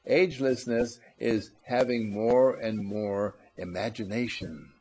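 Man, husky voice, middle pitch, motivational talk, playful, repeats for emphasis. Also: darkish tone. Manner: playful, acts out little scenes, repeats phrases for emphasis. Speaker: motivational speaker. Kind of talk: inspirational talk.

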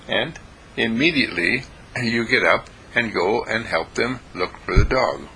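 A man giving a short daily inspirational talk as a university dean, telling a story, often chuckling and clearing his throat. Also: lowish voice, animated, measured pace, bright, forceful tone, slight background noise, low-quality recording.

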